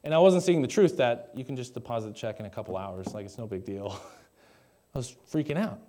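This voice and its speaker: A man's voice: medium pitch, lively intonation, fairly quick, mellow. A young man preaching a conversational sermon to a live congregation on a stage mic, with jokey asides and questions to the audience. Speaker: pastor.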